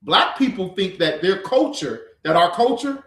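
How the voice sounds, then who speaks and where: A man's voice: high voice, big pitch swings, measured pace, fairly bright tone, echoey room. A man teaching a livestreamed scripture class, lecturing emphatically with rhetorical questions.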